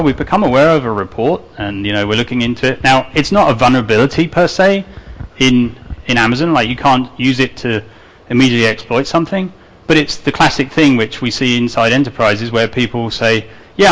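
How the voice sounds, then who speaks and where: A man's voice: medium pitch, fairly bright tone, low-quality recording. Chatty man giving a conference talk. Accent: non-native English accent. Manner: conversational, many fillers and restarts. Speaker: conference speaker. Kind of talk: conference talk to a live audience.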